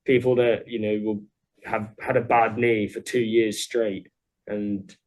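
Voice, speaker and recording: A man's voice: fairly low pitch, measured pace, low-quality recording. A man, a former soldier, telling war stories bluntly and with plenty of swearing in a casual interview. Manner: blunt and profane, animated when quoting others.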